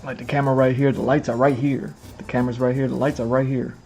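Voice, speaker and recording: A man talking loosely on a live stream, circling back and repeating himself with plenty of fillers, his voice sitting at an ordinary middle pitch. Faint music plays behind him as he talks to the camera under bright lights in a room. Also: flat delivery, fast talker, vocal fry. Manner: rambling, repeats phrases, many fillers. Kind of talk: casual livestream chat. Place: indoors in front of a camera with lights.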